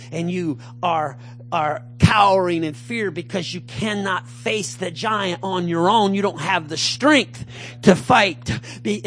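A man delivers a fervent sermon, swinging from loud calls to low mutters as he acts out a taunting giant.

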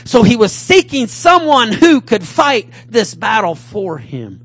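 In a husky, very animated voice at a measured pace, a man preaches a fervent sermon. Acting out a taunting giant, he swings between loud calls and low mutters.

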